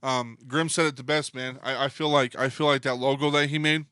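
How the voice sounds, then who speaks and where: A man's voice: medium pitch, fairly even intonation, fairly quick, pushed and bright, smooth, dry recording, studio quality. A man co-hosting a podcast, ranting heatedly in casual talk and swearing constantly. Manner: swears constantly, fired-up and emphatic. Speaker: podcast co-host.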